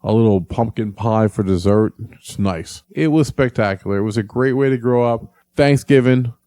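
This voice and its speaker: A man in his fifties from Philadelphia, co-hosting a podcast with a blunt, animated storytelling manner and free swearing. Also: mid-range voice, normal speed, no room sound, studio quality. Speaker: podcast co-host. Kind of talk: casual chat.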